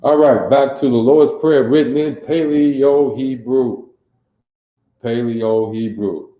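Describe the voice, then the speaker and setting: A man's voice: medium pitch, steady tone, takes it slowly. Man, religious teacher, call-and-response drilling, roomy echo, dull lo-fi stream. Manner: quizzes listeners and repeats phrases to drill them. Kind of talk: livestreamed Bible class lecture.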